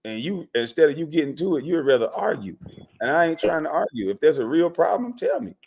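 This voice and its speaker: A man's voice: fairly high pitch, very animated, fairly quick, gravelly, a little mellow, breathy edge. A man hosting a call-in livestream, arguing bluntly and profanely with callers. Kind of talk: heated call-in banter.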